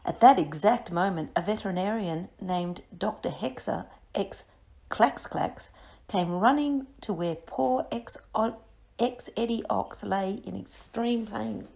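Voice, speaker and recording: A woman reading a children's story aloud for a reading lesson, clear and expressive, sounding words out carefully. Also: medium pitch, a little slow. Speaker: reading teacher.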